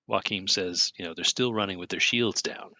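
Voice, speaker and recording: A man talks through a movie in relaxed podcast chat, eager and full of theories. His voice sits very low, with a bright, husky edge. The sound is close and dry. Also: normal speed, no echo. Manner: enthusiastic, theorizing, laughs often. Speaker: podcast co-host. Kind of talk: casual film commentary chat.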